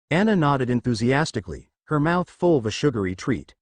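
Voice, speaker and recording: A man narrating a fan fiction story with expressive storytelling. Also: mid-range voice, fairly quick, dry recording.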